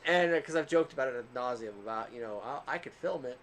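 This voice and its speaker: A man's voice: medium pitch, fast, a little hiss or hum. A man co-hosting a casual podcast, telling a long rambling story with frequent laughs and asides. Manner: self-described quieter one. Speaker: podcast co-host.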